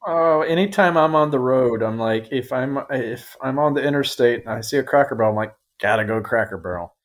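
A man talking as a podcast guest in a casual, jokey, animated way. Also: mid-range voice, a little fast. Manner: animated, jokey, drops into silly voices. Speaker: guest actor.

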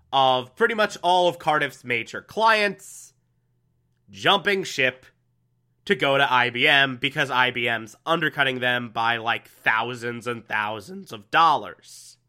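A young man casually recapping a TV episode, animated and laughing often, acting out the characters' lines. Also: medium pitch, slow. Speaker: TV episode reviewer. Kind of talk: casual recap with acted-out quotes.

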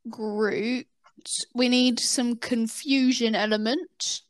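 High-voiced playful young woman. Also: fairly even intonation, slow, no room sound. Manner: playful, teasing, short replies. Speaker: podcast co-host. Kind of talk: casual chat.

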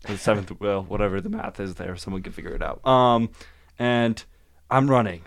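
A young man telling a story in casual podcast chat, laughing often and animated. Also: fairly low pitch, normal speed, gravelly. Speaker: podcast guest.

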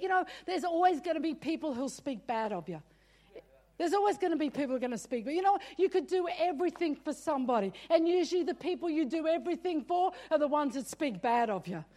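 Woman, pastor, sermon, high voice, emphatic, repeats "come on". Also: a little mellow.

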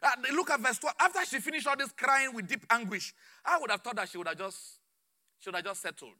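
A man preaching a sermon with fervor, repeating phrases and swinging between shouts and low murmurs. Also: lively intonation, fast.

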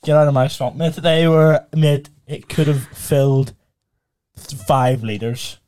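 A man's voice: on the high side, slow pace, a little mellow, clean tone. A young man, chatting on a casual podcast. He tells his stories loosely and laughs often as he goes. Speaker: podcast co-host. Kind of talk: casual chat, storytelling.

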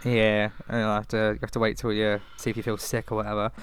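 Young man, crisp dry sound. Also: on the low side, completely flat delivery, quick pace, no echo. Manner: swearing, laughing, banter. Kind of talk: casual chat.

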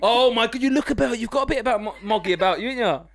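A man hosting a comedy podcast, loud, teasing and often laughing. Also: very high voice, racing. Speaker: podcast host. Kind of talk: casual comedy chat.

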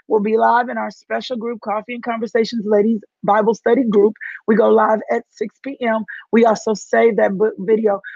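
A woman's voice: a little high, creaky, no echo, dull audio. A woman with a Southern accent leading a live-streamed devotional, preaching fervently and repeating phrases for emphasis. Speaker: women's ministry leader hosting a live stream.

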